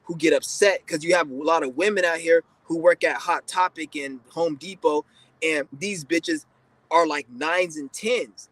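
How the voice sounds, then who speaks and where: A man with a fairly high voice holds forth in a blunt, profane, rambling monologue, often restarting his sentences. The sound is dry and close, with no room around it. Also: a little slow, a bit bright, no room sound, rough recording. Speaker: podcast host. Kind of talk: casual monologue.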